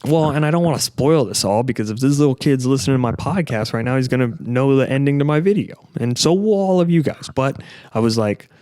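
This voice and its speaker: A man's voice: mid-range voice, brisk, a little mellow, dry recording. A young man hosting a podcast from his home garage office, rambling casually and swearing often, tossing in "bro" and "dude". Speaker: podcast host. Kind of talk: casual chat. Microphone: directional podcast mic.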